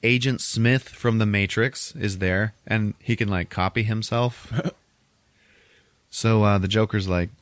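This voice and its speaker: Deep-voiced man chuckling through a recap. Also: steady tone, unhurried, no room sound. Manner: chuckles often while retelling scenes. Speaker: podcast host. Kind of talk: casual movie recap.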